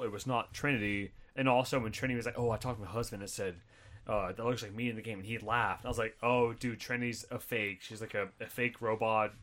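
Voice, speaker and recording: A man in casual chat about films, easygoing and explaining his take in quick bursts. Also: medium pitch, a bit bright.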